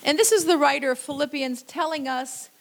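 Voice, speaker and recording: A middle-aged woman preacher giving a sermon in a conversational storytelling way, with frequent "you know" and slow, repeated phrases for emphasis. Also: high voice, slight background noise.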